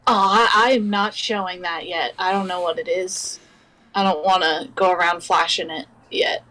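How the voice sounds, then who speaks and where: A woman's voice: lowish voice, steady tone, normal speed, bright, forceful tone, poor audio. Plain-spoken woman player. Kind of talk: casual tabletop chat.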